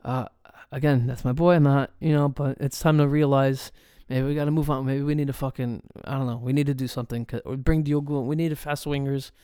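A man hosting a solo soccer talk rants as a fan, swearing heavily with plenty of fillers and restarts. His smooth, mid-range voice runs a little fast with few pauses, in a dry, clean studio recording.

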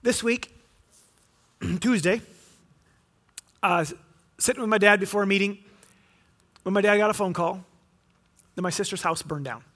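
Male pastor, sermon, high bright voice, storytelling, acts out quotes. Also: unhurried, pauses often. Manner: storytelling, acting out quotes with rising pitch.

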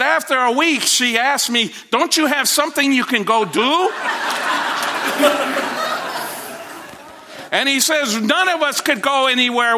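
A high, bright male preacher's voice, telling a story from the pulpit. His delivery grows animated and climbs higher as he goes. He often repeats and restarts his words. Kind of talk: sermon storytelling.

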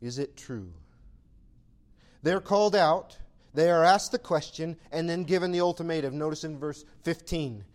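Male pastor, high voice, emphatic exhortation, rhetorical questions; sermon delivery. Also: steady tone, moderate pace.

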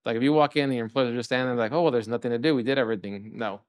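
A California chef and restaurant co-owner tells rambling stories in a casual interview, peppering them with "you know" and acting out quotes. His mid-range voice keeps a steady tone at a racing pace, captured with clean studio sound and no room sound.

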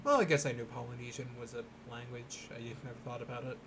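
Young man, co-host, casual chat, playful, halting, average pitch, faint noise. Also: steady tone. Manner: playful, joking, halting starts. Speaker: podcast co-host.

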